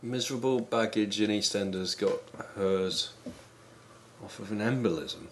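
A man's voice: on the low side, unhurried, slight background noise. A man playing a quiz contestant in comedy banter, dry and nitpicking about the questions.

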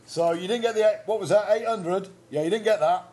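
A man's voice: sits high, brisk, a little mellow. A man playing quizmaster in a comedy quiz, flustered and teasing as he reads out clues. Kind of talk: mock quiz show banter.

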